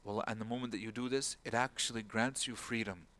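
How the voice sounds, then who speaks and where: A man's voice: lowish voice, fairly even intonation, brisk, a bit bright. Imam guy telling a story in a laid-back talk, bits of arabic all over, jumps up when he's quoting people. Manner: storytelling, acts out quoted people in raised voice; sprinkles Arabic words and phrases. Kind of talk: talk-style religious lecture.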